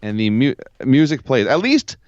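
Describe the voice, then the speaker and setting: A man's voice: medium pitch, big pitch swings, moderate pace, a little mellow, no room sound, lo-fi sound. A man co-hosting a podcast, recapping old shows in a dry play-by-play way from home over a remote call. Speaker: podcast co-host. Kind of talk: casual recap chat.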